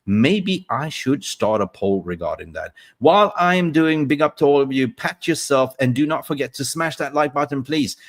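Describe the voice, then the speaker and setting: A man hosts a live football stream. He rambles, repeats himself and chats straight to his viewers while hunting for posts on screen. His voice sits at an ordinary middle pitch for a man. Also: expressive, normal speed, few pauses. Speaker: football livestream host.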